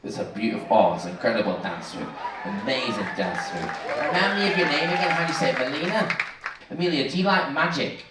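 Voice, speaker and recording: Onstage hosting a cruise ship show, a Mancunian cruise director from England teases the crowd with jokes in lively showman style. He talks fast in a mid-range voice. The recording sounds distant and echoey in the theater, with the audience cheering and laughing over it.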